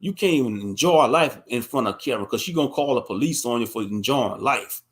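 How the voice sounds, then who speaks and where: A man's voice: mid-range voice, animated, brisk. A man hosting a late-night commentary stream, talking bluntly and profanely with lots of emphasis. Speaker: live stream host.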